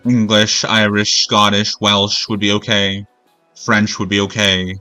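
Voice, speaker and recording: A man's voice: fairly low pitch, flat delivery, a little slow, sharp tone, soft background music. A man streaming a video game and ranting in a rambling, profane, exasperated way. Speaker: gaming streamer. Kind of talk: gameplay commentary rant.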